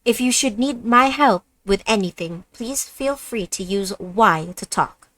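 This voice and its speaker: A woman's voice: mid-range voice, a little slow, fairly bright tone, pitched above the performer's own voice, lightly acted. A woman doing a stern, formal flight attendant. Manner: crisp, commanding, formal.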